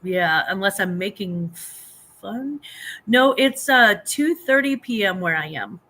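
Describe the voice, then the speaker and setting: An American woman who is a guest on a casual livestream, talking loudly and laughing often as she chats. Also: mid-range voice, unhurried. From United States. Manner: loud, laughs often, animated.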